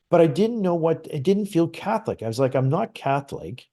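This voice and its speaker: A man's voice: on the high side, moderate pace. Chatty middle-aged man telling a story. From Canada. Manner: animated, lively retelling with frequent restarts. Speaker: guest psychic medium. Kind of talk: casual conversational storytelling.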